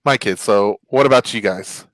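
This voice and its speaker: A man hosting a casual chat show, telling stories in an animated way. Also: fairly low pitch, normal speed, no echo, low-quality recording. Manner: animated storyteller. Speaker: host.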